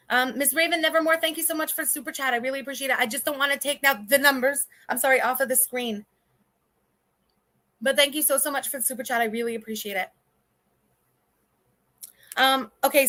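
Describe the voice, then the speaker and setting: Bright high-voiced blunt woman streamer. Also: fairly quick. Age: 30s. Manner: blunt, profane and indignant, rambling with restarts. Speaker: livestream host. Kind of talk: casual livestream commentary.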